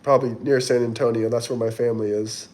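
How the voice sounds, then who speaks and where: A man on a livestream talks fast in an easygoing, conversational voice that sits at a middle pitch, with a level and slightly mellow tone. Chatty and rambling, he reads viewer comments aloud and answers them.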